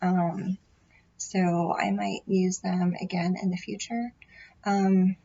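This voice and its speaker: This tarot vlogger speaks slowly in a low, level voice with a dark, slightly rough quality. She rambles casually to camera about her readings, mocking herself and often restarting or using fillers. A built-in microphone array captures her, and the highs are cut off.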